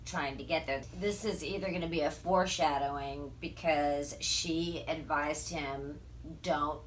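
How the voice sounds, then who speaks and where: A middle-aged woman chatting as a guest, steady and agreeable as she explains. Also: low-pitched, normal speed, a little hiss or hum, rough recording. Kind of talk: casual chat.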